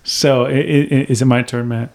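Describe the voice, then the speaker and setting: A man's voice: medium pitch, steady tone, normal speed, vocal fry, a loud crowd. A man hosting a casual beer-tasting podcast, laughing often as he talks. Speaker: podcast host.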